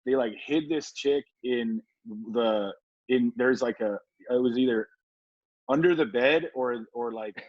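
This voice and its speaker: A man from Southern California, a former football player, telling a story as a podcast guest in a relaxed, laughing way, with lots of "like" and casual swearing. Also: mid-range voice, unhurried, no room sound. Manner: laid-back, laughing, swearing, many fillers like "like". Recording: dull, dry podcast recording.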